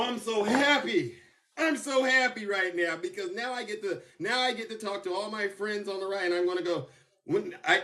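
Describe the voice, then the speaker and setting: A man hosting a casual political commentary livestream, animated and teasing, breaking into laughter and whoops. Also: high voice, far from the mic. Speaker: TikTok live host. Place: car.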